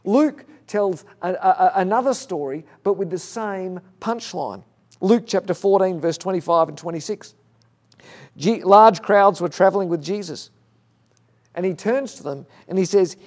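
High-voiced man preaching. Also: moderate pace. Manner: conversational, animated storytelling with restarts. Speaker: pastor. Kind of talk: sermon.

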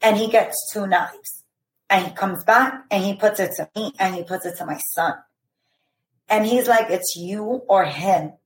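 Woman guest in her thirties, mid-pitched, recounting her past in halting bursts, roomy sound. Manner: earnest, halting retelling with frequent "like" and "I remember". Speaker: podcast guest. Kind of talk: personal storytelling. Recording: roomy echo.

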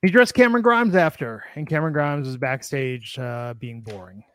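Chill guy w/ a smooth clear voice, dry close mic, podcast chat. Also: medium pitch, moderate pace, a bit bright, no room sound. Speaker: podcast co-host. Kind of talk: casual wrestling chat.

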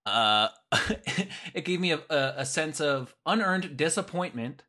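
A man co-hosting a wrestling podcast, excitable and quick to swear and laugh in casual chat. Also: a little high. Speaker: podcast co-host.

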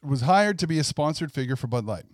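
A man's voice: a little high, animated, fast talker, no room sound, clean studio sound. A man co-hosting a casual podcast, reading a letter aloud with mocking commentary. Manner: reads a corporate letter aloud in a mock voice. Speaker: podcast co-host.

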